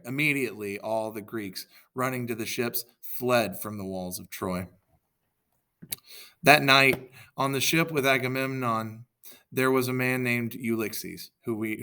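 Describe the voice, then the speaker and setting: Casual storybook reader, man, bright voice, corrects himself often. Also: fairly low pitch. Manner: reads with self-corrections and asides. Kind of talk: casual storybook reading aloud.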